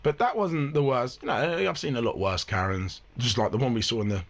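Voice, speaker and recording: A man's voice: mid-range voice, fairly quick. A man with a mid-range voice chats wryly about what he is watching. His commentary is loose and off the cuff, with the odd curse. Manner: chatty, wry, swears casually. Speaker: reaction video host. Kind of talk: casual commentary.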